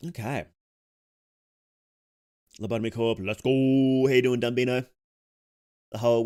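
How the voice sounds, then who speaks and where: A young male VTuber chats casually with his viewers while playing a game. His pitch moves around a lot. He laughs often, reads messages aloud and trips over his sentences before restarting them. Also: expressive, a little slow, pauses often, a little mellow. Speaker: VTuber streamer. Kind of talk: casual live-stream chat.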